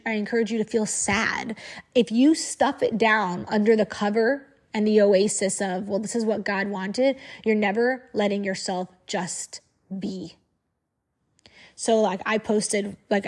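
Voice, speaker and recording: A woman who makes online videos, speaking frankly and emphatically to camera and repeating phrases for force. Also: medium pitch. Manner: frank and outspoken. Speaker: social media creator. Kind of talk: candid to-camera monologue.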